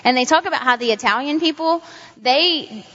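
A woman's voice: sits high, moderate pace, a bit bright. A woman giving informal devotional teaching as a Christian speaker, talking in an earnest, repetitive, conversational way. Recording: dull sound in a reverberant hall.

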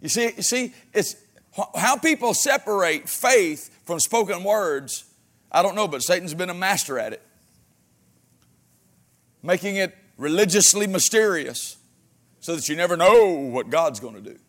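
Man, pastor, sermon, high pitch, folksy humor, amens and hallelujahs. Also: a little slow. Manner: animated, shifts from loud exhortation to quiet asides; folksy humor, frequent amens and praise interjections.

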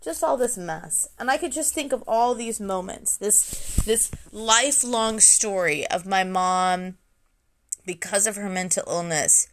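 A woman's voice: mid-range voice, a little slow, a little hiss or hum. A woman telling a personal story in a raw, blunt, profane way, often restarting and correcting herself. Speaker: adult daughter sharing her story.

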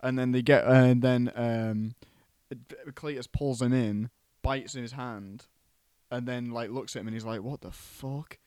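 A man co-hosting a podcast, recapping a film plot in an animated, casual way with plenty of swearing. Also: mid-range voice, a little slow, clear, resonant tone, no room sound, studio quality. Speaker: podcast co-host.

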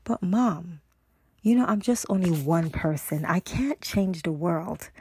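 A woman's voice: on the low side, lively intonation, a little slow, a little mellow, breathy edge, exaggerated voice. A woman doing an eager teen girl, pleading. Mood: discouraged. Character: teen girl hoping for a job.

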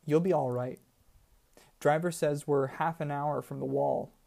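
A steady, practical woman guide who talks in a matter-of-fact, reassuring way, as a male audiobook narrator puts her on. The delivery is slow and unhurried, with a mellow, darkish tone. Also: fairly high pitch, vocal fry. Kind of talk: audiobook character voice.

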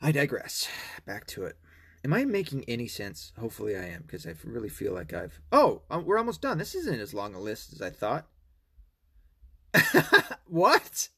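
A man's voice: mid-range voice, huge pitch swings, normal speed, vocal fry, bright, forceful tone, breathy edge. A man talking casually in a long, rambling monologue, swearing often and stumbling through fillers and restarts. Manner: reads online comments aloud with mocking asides.

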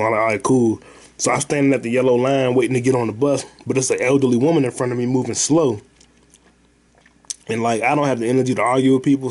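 A man's voice: mid-range voice, darkish tone. A man hosting a podcast, rambling through stories and movie talk in a loose, profane, slangy way. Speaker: podcast host. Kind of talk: casual podcast chat.

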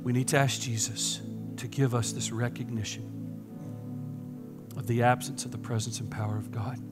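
A man preaching a sermon, swinging from hushed whispers to loud, impassioned preaching. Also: mid-range voice, fairly even intonation, moderate pace, loud music behind the voice. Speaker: pastor.

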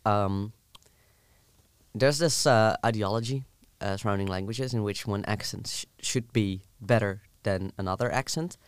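A man's voice: fairly low pitch, unhurried, clear, resonant tone, no echo. A young man from the southern Netherlands with a southern Dutch accent, explaining things at length in casual chat with frequent ums and restarts. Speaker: student.

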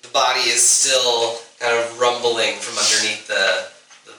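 A man narrating a tabletop game as game master, relaxed and halting with fillers. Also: mid-range voice. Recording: echoey room, distant mic, faint noise.

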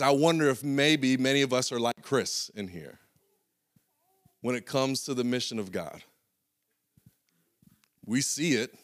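A man's voice: medium pitch, no room sound. Earnest young male pastor, dry sound. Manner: conversational storytelling with animated quoted voices; soft, earnest prayer voice. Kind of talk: sermon.

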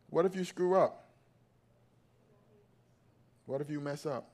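A male pastor preaching a sermon, calling out to his congregation and swinging from loud emphatic peaks to low quiet stretches. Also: slow, long pauses. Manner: calls out to the congregation for response.

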